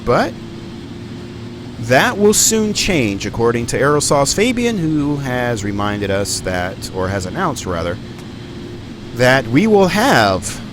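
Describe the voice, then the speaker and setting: A man streaming live, narrating what he is doing on screen in a loose, rambling way. His voice sits at an ordinary middle pitch, and his talk is full of ums and uhs as he thinks aloud. A faint hum of noise runs underneath. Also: sing-song, slow pace. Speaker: flight sim streamer.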